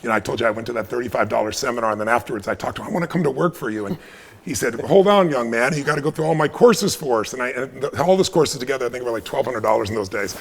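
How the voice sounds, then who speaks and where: A man in his fifties with a raspy voice, telling a story during a live webinar and acting out the dialogue with intensity. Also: mid-range voice, racing. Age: 50s. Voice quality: raspy, gravelly. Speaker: guest speaker.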